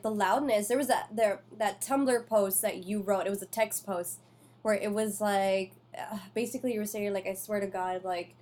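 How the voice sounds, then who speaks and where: A young woman chatting on a podcast, sitting a little back from her mic. She speaks easily and agreeably, with plenty of filler words. Her voice sits at an ordinary middle pitch. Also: darkish tone. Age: young adult. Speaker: podcast co-host. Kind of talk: casual chat. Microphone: podcast mic set farther away.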